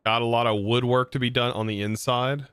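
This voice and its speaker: Streamer, male, bright and clear, dry close sound, loose rambling chat. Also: medium pitch, fairly even intonation, a little fast, dry recording. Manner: rambling, with frequent restarts and laughs. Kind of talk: casual gameplay livestream chat.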